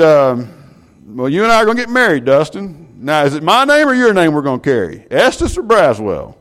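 Animated preacher man. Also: on the high side, moderate pace. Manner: animated, rhetorical questions to the class. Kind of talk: Bible class sermon.

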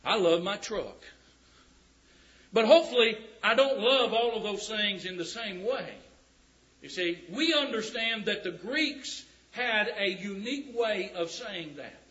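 A man preaching a sermon, reading scripture slowly and emphatically with folksy asides. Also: sits high, expressive, a bit bright. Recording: dull lo-fi recording.

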